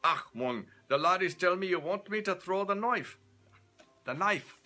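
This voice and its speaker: A man doing a booming jovial Scotsman. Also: lively intonation, a little slow, soft background music, heavily acted. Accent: Scottish. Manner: loud and jovial. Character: hearty, boisterous Scottish soldier leader.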